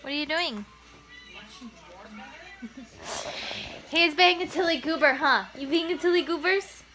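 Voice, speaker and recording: A woman's voice: high-pitched, a little fast, sharp tone. A young woman vlogging at home, talking in a sing-song baby voice to her toddler and now and then to viewers. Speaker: vlogger and mother. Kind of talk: casual home vlog talk. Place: at home indoors. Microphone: phone camera.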